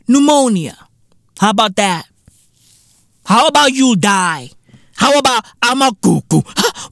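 Bright, swooping South African man ranting. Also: measured pace, no room sound, clean studio sound. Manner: animated, profane, mocking, big swings up into high exclaims. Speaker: podcast host. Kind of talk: comedic podcast rant.

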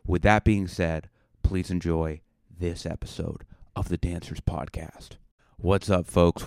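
A man's voice: low-pitched, unhurried, clean tone, dry recording, studio quality. A young man from Massachusetts, a road comic hosting his own podcast, rambling through a jokey, self-mocking monologue. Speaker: comedian and podcast host. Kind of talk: solo comedic podcast monologue.

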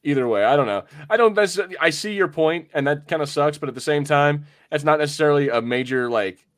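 A man's voice: a little high, quick pace, a bit bright, dry recording, studio quality. Rambling American man on a podcast. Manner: rambling, self-correcting, laughs often. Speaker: podcast co-host. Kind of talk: casual chat.

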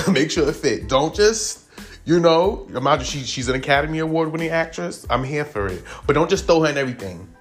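Animated, swooping male gossip commentator. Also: brisk, faint music behind. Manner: animated, profane, swooping pitch for emphasis. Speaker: commentary vlogger. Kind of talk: casual celebrity gossip commentary.

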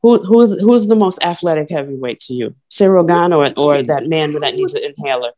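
A woman co-hosting a casual sports podcast, talking in an animated, profane ranting way with frequent laughs. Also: deep voice, moderate pace, a crowd in the background. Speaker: podcast co-host.

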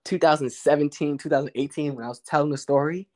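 A man, a guest poet, telling a story in a relaxed, candid way with slang and the odd swear word. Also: a little high, quick pace. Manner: relaxed, candid, uses street slang and profanity. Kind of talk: casual conversational storytelling.

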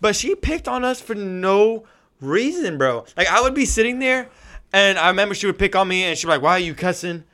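A young man with a bright, slightly high voice chats with a friend, laughing often and dropping slang like bro and dude. His talk is loose and playful. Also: big pitch swings, fairly quick. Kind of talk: casual chat.

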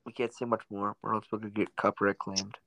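A man's voice: lowish voice, level tone, quick pace, sharp tone, no room sound, low-quality recording. A man in casual chat, talking bluntly and crudely, swearing freely and correcting others drily. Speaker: stage actor guest.

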